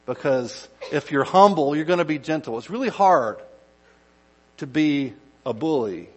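A male pastor giving a conversational sermon, dropping to quiet asides and rising to loud acted-out shouts. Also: fairly high pitch, animated, unhurried, rough recording.

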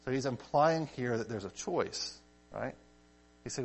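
A man's voice: mid-range voice, unhurried, gravelly, long pauses, husky. A man teaching a casual Bible study, reading scripture aloud and explaining it conversationally, often checking in with his listeners. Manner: conversational, checks in with "okay?" and "right?", animated emphasis.

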